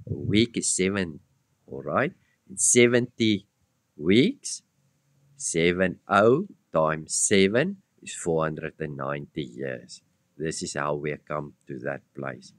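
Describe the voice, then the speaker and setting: Male preacher, very low voice, slow deliberate delivery, blunt and emphatic, quizzes his hearers, dry close sound. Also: animated, no room sound. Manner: blunt and emphatic, addresses listeners directly with rhetorical questions. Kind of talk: expository Bible-teaching sermon.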